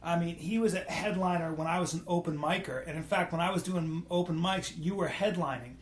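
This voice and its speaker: A male podcast host in casual chat, excitable and profane, hyping his guest. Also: fairly high pitch, fairly quick. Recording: roomy echo.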